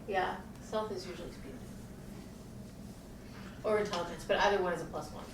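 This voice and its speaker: A woman playing a tabletop game, explaining softly in casual chat. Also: lowish voice, fairly even intonation, fairly quick. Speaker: player. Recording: echoey room, mic far off, loud noise.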